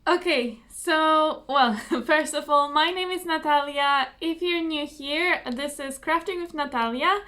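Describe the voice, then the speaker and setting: A young woman hosting her own crafting video, chatting casually and apologetically to camera, slightly hoarse, with many fillers and repeated words. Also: sits high, unhurried, few pauses, sharp tone.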